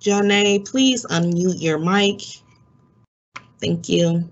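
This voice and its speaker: A man's voice: high-pitched, drawn-out words, muffled recording. A man from Florida hosting a webinar over a video call, talking reflectively with many fillers and restarts. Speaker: webinar host. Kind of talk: webinar moderation.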